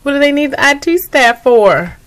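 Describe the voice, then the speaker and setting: A woman's voice: high-pitched, expressive, normal speed, fairly bright tone. A young adult woman talking through her video diary, weary and emotional, rambling. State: tired. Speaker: vlogger.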